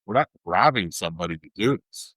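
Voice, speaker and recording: A man's voice: low voice, lively intonation, brisk, a bit bright, no echo, low-quality recording. A man hosting a podcast, talking in an emphatic, worked-up rant. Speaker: podcast host. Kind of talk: casual chat.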